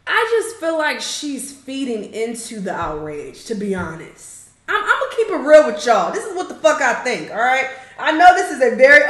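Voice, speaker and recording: A woman's voice: high-pitched, fairly bright tone. A woman, hosting a reaction video and giving her frank, slangy opinion with plenty of swearing. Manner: blunt, frank, swears freely; slangy, with mocking mimicry of others. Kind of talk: casual opinion commentary. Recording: echoey room.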